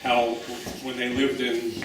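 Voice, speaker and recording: A man's voice: mid-range voice, completely flat delivery, slow. A man speaking at a memorial luncheon, telling rambling anecdotes full of fillers about a friend. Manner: rambling, warm storytelling with fillers. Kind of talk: personal remembrance at a luncheon. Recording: distant voice in an echoey room with noise.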